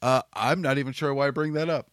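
Man, podcast host, jokey, dry close sound, mid pitch. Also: fairly even intonation, fast, a bit bright, no room sound. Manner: jokey, laughs easily. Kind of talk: casual interview.

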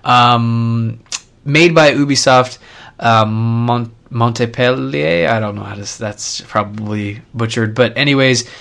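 A man's voice: mid-range voice, fairly even intonation, measured pace, fairly bright tone. A man co-hosting a gaming podcast, talking casually and rambling a bit as he corrects himself. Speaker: podcast co-host. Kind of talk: casual chat.

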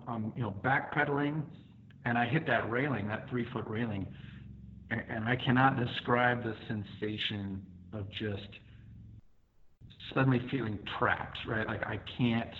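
A man telling a personal story in a conversational way, with fillers, acting out his own thoughts. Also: mid-range voice. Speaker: podcast guest, firefighter telling his story. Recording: tinny phone-like line.

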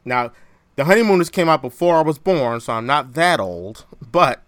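Bright, lively male podcast host. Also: on the high side, normal speed, no room sound. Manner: animated, laughs often, restarts phrases. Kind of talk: casual chat.

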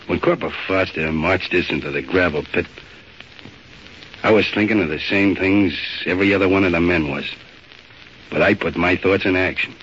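A grave soldier who tells his story slowly and reflectively, in a lowish voice. It is 1940s radio drama narration, heard muffled on an old recording with faint noise. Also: fairly bright tone. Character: soldier recalling an execution, grave.

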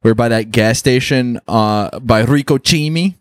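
A man's voice: mid-range voice, normal speed, dry recording. A man co-hosting a podcast, rambling through stories with lots of swearing, talking close to the mic. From New York City. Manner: profane, rambling storyteller. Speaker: podcast co-host. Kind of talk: casual chat.

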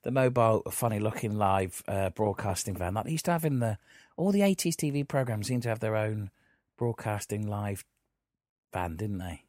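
A man's voice: lowish voice, lively intonation, moderate pace, darkish tone, no room sound, clean studio sound. A man hosting a live podcast interview, rambling, jokey and often correcting himself. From based in Liverpool. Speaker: podcast host.

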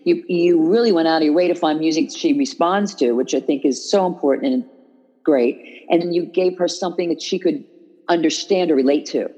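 A woman with a low, mellow voice talks in a loose, conversational way. She restarts sentences and leans on fillers as she builds her point. The audio is dull and lo-fi, like a remote call. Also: brisk. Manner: animated, restarts often, many fillers. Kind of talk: casual conversational chat. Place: New York.

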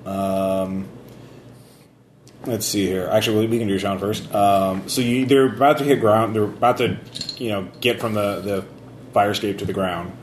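A man's voice: on the low side, fairly even intonation, moderate pace, roomy sound, a little hiss or hum. A man narrating a tabletop game as game master, rambling with many fillers and restarts.

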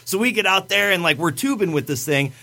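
A man's voice: high voice, lively intonation, brisk, vocal fry, pushed and bright. A man co-hosting a podcast, telling self-mocking stories in casual chat and swearing freely. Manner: crude joking storyteller, swears freely. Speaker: podcast co-host.

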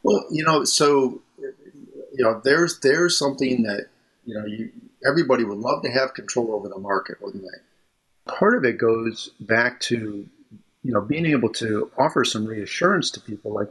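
Husky-voiced male counselor, rambling talk. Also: medium pitch, moderate pace, a bit bright. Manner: rambling, restarts sentences, many fillers. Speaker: mental health counselor and guest. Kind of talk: casual interview conversation. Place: home room by a window.

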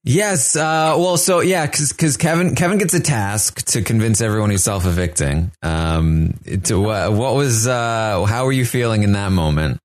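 Male interviewer, very low voice, casual, halting questions. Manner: halting, restarts his questions.

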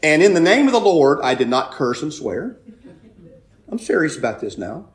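A man preaching a sermon, telling a personal story with loud emphatic bursts and quiet asides. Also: on the high side, very animated, moderate pace. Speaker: pastor.

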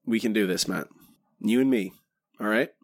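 A man's voice: fairly low pitch, moderate pace, no echo. Rambling male podcast co-host, dry sound. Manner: rambling, many restarts, animated. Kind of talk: casual podcast chat.

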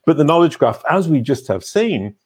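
A man from England, hosting a casual interview in an animated manner, his pitch jumping when he stresses a point. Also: moderate pace, husky. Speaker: podcast host.

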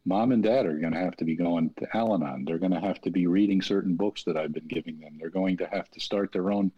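A man's voice: low voice, fast talker, slightly rough. A middle-aged man, an interventionist, explaining his work earnestly in an interview. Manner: earnest, plain-spoken, acts out family dialogue. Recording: dull lo-fi audio.

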